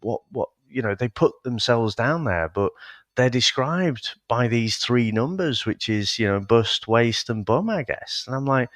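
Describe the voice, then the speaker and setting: A man who is a parent co-hosting a casual film-review podcast, musing out loud with hesitant asides and laughs. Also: mid-range voice, expressive, a little slow, dry recording, studio quality. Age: adult, a parent. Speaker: podcast co-host.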